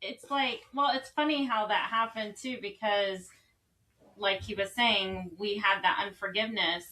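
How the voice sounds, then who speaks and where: A woman's voice: mid-range voice, steady tone, unhurried, pushed and bright, poor audio. A woman co-hosting a faith talk show, sharing a personal testimony in an earnest, rambling way. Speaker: co-host. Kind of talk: casual faith conversation.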